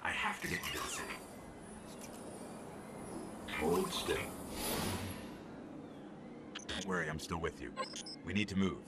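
Low, earnest little robot companion. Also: male voice, wildly swooping pitch, moderate pace, very noisy. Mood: urgent. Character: small floating robot companion, male, urgent and protective. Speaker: guide companion in a video game. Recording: game audio under loud music.

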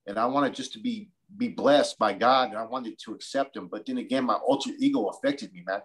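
Interviewer guy, mid-pitch, keeps it real, reflective, says man a lot. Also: a little fast, poor audio. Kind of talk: casual interview chat.

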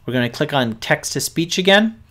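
A man's voice: on the high side, animated, brisk, sharp tone. A man teaching kids to code on a live stream, explaining patiently step by step and talking straight to the viewers. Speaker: teacher hosting a coding stream.

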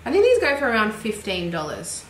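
An Australian beauty vlogger reviews makeup in a casual, chatty, giggly way, thinking aloud as she goes. Her medium-pitched voice swings wildly in pitch and moves at a brisk clip. The room is echoey, with faint background noise.

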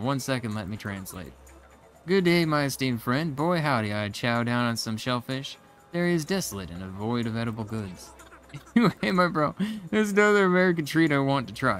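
A man's voice: medium pitch, lively intonation, moderate pace, a bit bright, lightly acted. A man reading a chummy beach-bum game character. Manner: casual, chummy, calls everyone bro. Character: hungry homeless male NPC stuck on a beach. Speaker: video game character read aloud.

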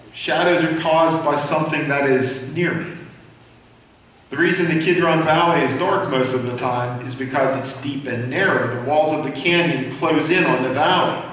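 The voice is a man's, fairly high and fairly bright, preaching as senior pastor in a conversational way while asking the congregation questions. It comes from far off in a church sanctuary with lots of echo.

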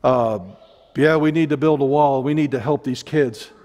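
A man's voice: medium pitch, steady tone, moderate pace, darkish tone, long reverb tail. A middle-aged man with an Ozarks accent preaching a sermon, impassioned and digressive, with joking asides.

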